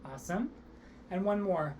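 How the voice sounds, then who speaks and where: A woman's voice: on the low side, expressive, normal speed, slight background noise. Upbeat woman coaching a theatre workshop. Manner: upbeat, encouraging coaching with voice warm-ups. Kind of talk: online acting workshop instruction.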